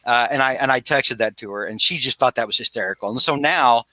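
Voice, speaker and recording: A man hosting a casual podcast, recapping a comic book in a rambling, animated way with frequent restarts. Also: medium pitch, fast talker, no room sound. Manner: rambling, animated, self-interrupting storyteller. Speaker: podcast host.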